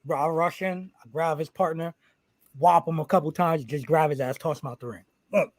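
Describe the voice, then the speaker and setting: A man who is a pro wrestler telling a story on a podcast, animated and profane, acting out what people said. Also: on the high side, fairly quick, no echo. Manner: animated, profane, acts out quotes. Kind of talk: casual storytelling.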